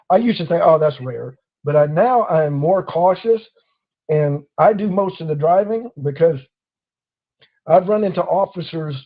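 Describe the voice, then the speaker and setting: A man with a slightly high, narrow voice hosts a casual talk, recorded with tinny audio. He tells a long personal story as an animated storyteller, acting out the voices of officers he quotes.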